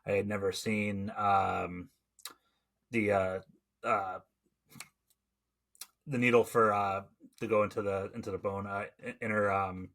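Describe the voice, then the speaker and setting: A man's voice: on the low side, fairly even intonation, unhurried, vocal fry, pauses often, fairly bright tone. A man in his forties hosting a casual podcast conversation, talking in a rambling way with many fillers and restarts. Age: 40s. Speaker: podcast host and former EMT.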